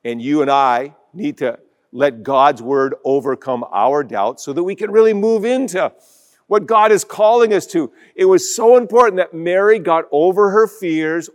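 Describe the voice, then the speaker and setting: A man's voice: high voice, moderate pace, long reverb tail. A man preaching a sermon as pastor, emphatic, acting out quoted voices as he goes.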